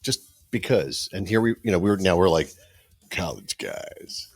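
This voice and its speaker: A man's voice: sits low, fairly quick, dry recording, faint music behind. A man co-hosting a casual podcast chat, cracking dry jokes. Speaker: podcast co-host.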